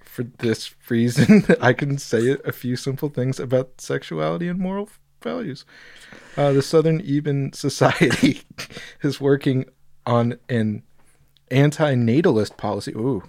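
A man co-hosting a podcast, reading a text aloud in a steady, amused but composed way. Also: mid-range voice, measured pace, creaky, dry recording, clean studio sound. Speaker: podcast co-host.

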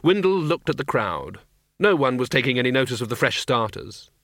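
Bright-voiced male audiobook narrator. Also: medium pitch, big pitch swings, fairly quick, dry recording, clean studio sound.

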